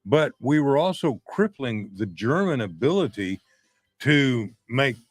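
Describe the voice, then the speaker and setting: Excited talk show host guy, jumps in with questions, clears his throat a lot, dry sound. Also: mid-range voice, measured pace, dry recording. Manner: enthusiastic, interjecting, frequently clears throat.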